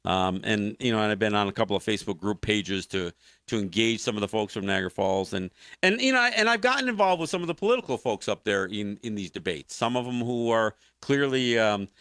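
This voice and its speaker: Animated man hosting a political talk show. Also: lowish voice, a little fast, clear, resonant tone, no echo, studio quality. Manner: animated, impassioned commentary with frequent restarts.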